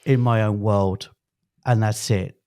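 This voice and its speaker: A man's voice: on the low side, steady tone, slow pace, darkish tone, clear, resonant tone. A man in his fifties co-hosting a podcast, chatting casually in a rambling, jokey way that keeps interrupting itself. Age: 50s. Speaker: podcast co-host. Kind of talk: casual chat.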